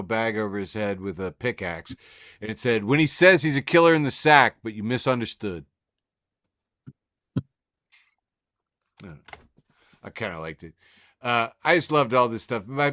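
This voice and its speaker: Bright dry-voiced man reading memes. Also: medium pitch, clear, resonant tone, no echo. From Illinois. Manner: laughs often, reads captions in put-on voices. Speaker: podcast co-host. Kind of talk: casual chat describing memes.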